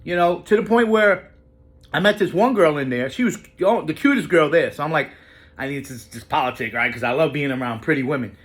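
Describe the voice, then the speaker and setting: A man casually telling a personal story to camera in an animated, profane way. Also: fairly quick. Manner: animated, profane, jumps pitch for emphasis.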